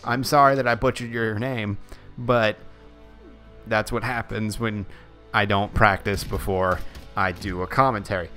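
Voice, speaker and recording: A young man with a lowish voice chats through a gaming video, wandering and self-correcting as he goes. Faint music plays underneath his commentary. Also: steady tone, unhurried, bright, forceful tone. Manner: rambling, self-correcting, chatty. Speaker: gaming YouTuber. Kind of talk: casual gameplay commentary.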